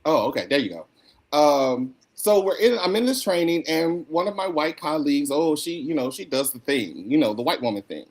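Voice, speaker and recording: Animated husky-voiced woman storyteller. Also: sits low, normal speed. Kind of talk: casual podcast conversation.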